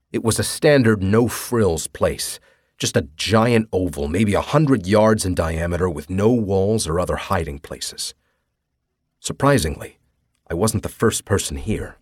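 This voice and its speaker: A man's voice: deep voice, breathy edge, dry recording, clean studio sound. A man narrating a first-person audiobook in a wry, casually profane manner.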